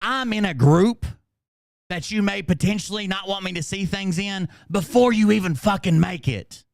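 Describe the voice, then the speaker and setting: Gravelly, profane, ranting man. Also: high-pitched, moderate pace, no echo, studio quality. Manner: profane, combative, swearing constantly. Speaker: channel host. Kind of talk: angry livestream rant.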